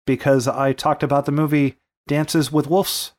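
A man's voice: on the high side, little pitch movement, moderate pace, a little mellow. A man chatting on a movie podcast in a wry, musing way. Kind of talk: casual movie podcast chat.

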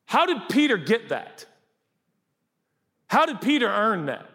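A man preaching a sermon as a pastor, animated, acting out quotes with big leaps in pitch and loudness. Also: a little slow, vocal fry. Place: church hall. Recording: long reverb of a large hall.

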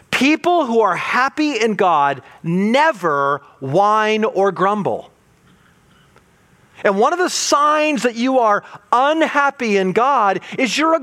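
A man's voice: high-pitched, fairly bright tone. A male pastor preaching a sermon, acting out quoted complaints and stumbling into repeated words as he presses his point.

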